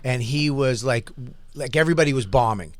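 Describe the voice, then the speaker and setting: A man in his forties with a medium-pitched voice, recorded dry at a close studio mic. He is a comedian telling stories in a casual, profane way. He acts out the other people's lines as he goes. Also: a little fast, no room sound. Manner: profane, animated storyteller who acts out quotes. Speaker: comedian and podcast host. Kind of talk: casual storytelling chat.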